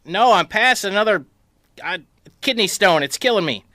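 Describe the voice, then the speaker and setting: A panicked older father, strained and pleading, as a man acts him out. The voice is pushed higher than his own with a sharp, bright edge. The recording is dry. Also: lively intonation, moderate pace, no room sound. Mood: pained.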